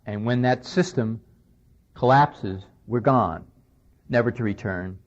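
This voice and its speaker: Taking his time, a man with a mid-range voice lectures in a conversational way, retelling a conversation and hitting words hard. It comes from an old radio recording with a dull, lo-fi 1990s quality.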